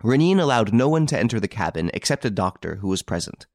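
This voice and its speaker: Lively low-voiced male audiobook narrator. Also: fast talker, dry recording, studio quality. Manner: expressive, lively storytelling.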